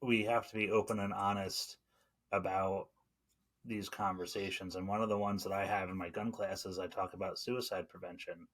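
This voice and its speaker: Low-voiced man, rambling podcast host. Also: fairly even intonation, normal speed, fairly bright tone. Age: 40s. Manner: rambling, frequent fillers and restarts. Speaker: podcast host and former EMT. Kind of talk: casual podcast conversation.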